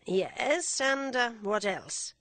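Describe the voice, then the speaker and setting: Urbane, teasing middle-aged gentleman, as a woman reads him, dry and ironic. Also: fairly high pitch, lively intonation, very slow, no echo, pitched above the performer's own voice, heavily acted.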